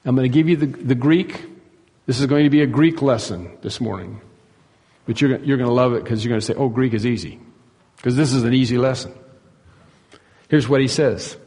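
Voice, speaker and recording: A man preaching a sermon, emphatic, rising to loud peaks and dropping to hushed asides. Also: medium pitch, fairly quick, long pauses, husky, big-room sound. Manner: emphatic, swings between soaring and hushed. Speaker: pastor.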